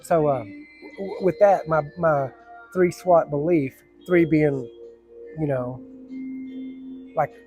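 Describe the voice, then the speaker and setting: Middle-aged man, slightly high voice, blunt and profane, rambling storytelling, faint music behind. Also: slow, pauses often, a little mellow, breathy edge, highs cut off. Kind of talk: casual personal storytelling to camera.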